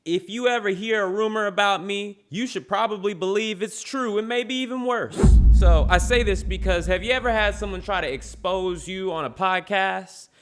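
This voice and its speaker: A man's voice: high voice, normal speed, hardly any pauses, a bit bright, clean tone, faint music behind. A man giving brash, trash-talking comedic commentary on his own channel. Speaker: YouTube commentator.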